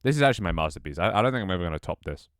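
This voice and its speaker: A low-pitched man talks rapid-fire in an animated, fairly bright, smooth voice, recorded dry at studio quality. The young Twitch streamer sounds tired and out of breath, chatting casually with his audience, sighing and swearing offhandedly.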